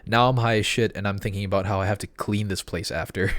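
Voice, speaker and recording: A man's voice: fairly low pitch, fairly even intonation, fast talker, a bit bright, dry recording. A man co-hosting a podcast in casual chat, laid-back and loose. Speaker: podcast co-host.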